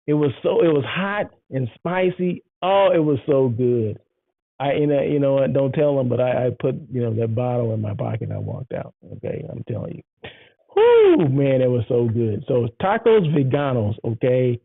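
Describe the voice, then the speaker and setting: Gravelly-voiced enthusiastic male show host. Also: mid-range voice, sing-song, normal speed, no echo. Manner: enthusiastic, rambling, repeats himself. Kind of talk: casual solo show chat. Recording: tinny phone-like sound.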